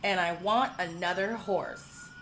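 A woman's voice: lowish voice, slow pace, fairly bright tone, slight background noise. A woman voicing an impatient, scheming young woman who snaps and complains, in a storybook reading. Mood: snappish. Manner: snappish, petulant.

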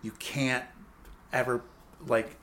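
A woman's voice: extremely low pitch, flat delivery, slow pace, a bit bright. Woman radio co-host, rambling, filler-heavy, background hiss. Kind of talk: casual radio chat. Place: radio studio. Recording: noisy studio recording.

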